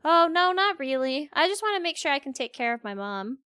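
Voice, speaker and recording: A woman's voice: sits high, very animated, fairly quick, sharp tone, no room sound, full character voice. A woman voicing a young student bird, the game's hero, in a put-on Canadian accent, earnest and plain.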